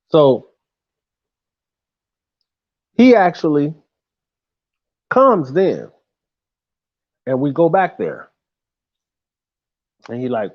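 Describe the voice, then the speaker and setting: A man telling a tour story in a casual, animated way, full of slang and swearing, who sometimes shouts out the lines he quotes. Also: mid-range voice, measured pace, long pauses, dull audio.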